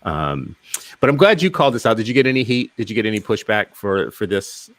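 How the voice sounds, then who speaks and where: A man's voice: lowish voice, very animated, a little fast, fairly bright tone, no room sound. A male podcast host in casual interview conversation, talking emphatically and firing off rhetorical questions.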